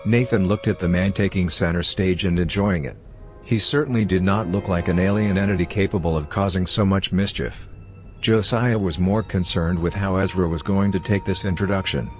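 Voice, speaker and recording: A man reading a story aloud as narrator in a steady, even manner. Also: deep voice, moderate pace, music in the background. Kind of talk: fan fiction audiobook reading.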